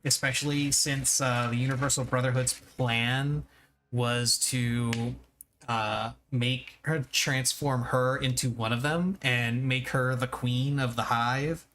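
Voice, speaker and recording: Brief: casual male game streamer, dry humor, mid-pitched. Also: steady tone, slow pace, a bit bright, a little hiss or hum. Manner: dry, joking asides. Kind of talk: casual let's-play commentary.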